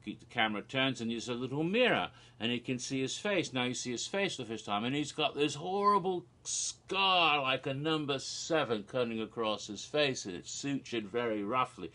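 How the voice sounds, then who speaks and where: A man with a bright, forward voice walks through a scary teaser scene by scene. He is animated and rambling, with plenty of fillers and false starts, as if chatting on a casual vlog. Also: medium pitch, fairly quick, hardly any pauses. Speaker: theme park vlogger. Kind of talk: casual retelling of a promo video.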